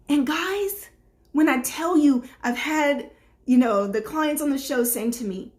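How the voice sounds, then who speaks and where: A woman's voice: high voice, unhurried. A middle-aged woman life coach giving a motivational talk straight to her viewers, emphatic and repetitive like a preacher.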